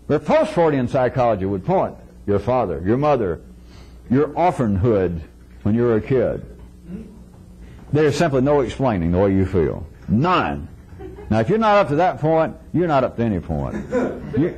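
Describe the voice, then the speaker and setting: A man's voice: mid-range voice, sing-song, moderate pace, darkish tone, husky, poor audio. A man giving an informal philosophical lecture to a live audience, wry and chuckling, acting out little dialogues in shifting voices.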